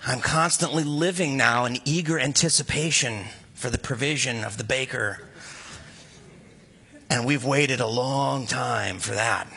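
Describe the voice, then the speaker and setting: A man preaching a sermon in a conversational, animated way, full of rhetorical questions. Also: mid-range voice, measured pace, a little hiss or hum. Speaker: pastor.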